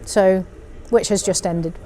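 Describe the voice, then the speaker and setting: A woman's voice: medium pitch, fairly even intonation, unhurried, crowd noise. A businesswoman telling her own story in an interview, frank and self-mocking, with plenty of restarts. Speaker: entrepreneur guest.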